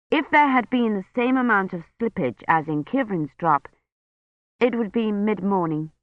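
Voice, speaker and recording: A man narrating a novel as an audiobook in a measured storytelling delivery. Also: high voice, no room sound, narrow, tinny audio. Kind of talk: scripted narration.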